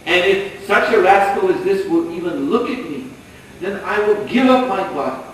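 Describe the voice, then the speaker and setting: Guy doing a stuck-up young girl, high and prim, super echoey hall, mic way off. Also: a little slow, lightly acted. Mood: haughty. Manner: indignant, lofty and scornful. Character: haughty proud young girl, snobbish and prim. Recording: echoey hall, distant mic, faint noise.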